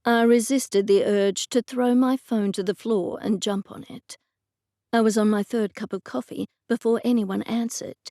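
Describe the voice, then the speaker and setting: Gravelly-edged woman narrating an audiobook. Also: fairly high pitch, fairly even intonation, normal speed, dark tone, no room sound, clean studio sound. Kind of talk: scripted first-person narration.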